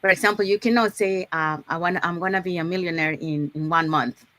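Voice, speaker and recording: A woman's voice: on the low side, a little fast, a bit bright. A woman hosting an online live session, explaining goal setting step by step, with frequent "okay"s and restarts. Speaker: host.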